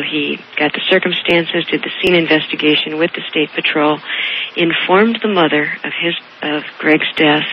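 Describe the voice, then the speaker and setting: A county coroner earnestly retelling a case in an interview, measured and careful, with small restarts. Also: mid-range voice, lo-fi sound, a little hiss or hum. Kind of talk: storytelling in an interview.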